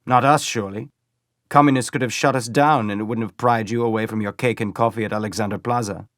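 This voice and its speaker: Loud, blustering stormtroopers, put on by a man reading an audiobook, pitched well above his own low voice and pushed hard. The boastful tone stays coarse throughout. It is a dry, close recording with no room sound. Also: fairly even intonation, quick pace, no echo, close to an everyday voice. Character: crude loud male Nazi stormtroopers.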